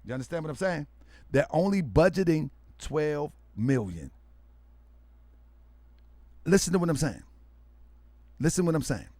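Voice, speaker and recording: A loud, hyperactive man hosting a livestream, talking to his viewers as family and repeating himself for emphasis. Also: a little high, sing-song, normal speed, long pauses, dry recording. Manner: preachy, calls listeners family. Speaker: online show host.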